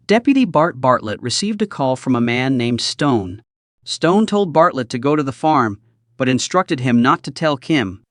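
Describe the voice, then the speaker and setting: A man's voice: medium pitch, noisy background. A man narrating a movie recap in a scripted storytelling style.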